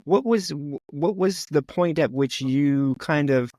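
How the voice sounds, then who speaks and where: Middle-aged man, interview host and coach, relaxed questioning, dry close sound. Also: on the high side, measured pace, no room sound. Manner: relaxed, warm questioning with Spanish asides.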